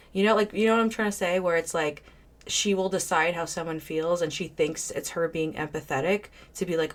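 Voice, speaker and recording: Low-voiced, blunt woman giving commentary. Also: steady tone, brisk. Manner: blunt, opinionated, reads viewer messages aloud. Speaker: reaction video host. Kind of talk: casual commentary reacting to a clip.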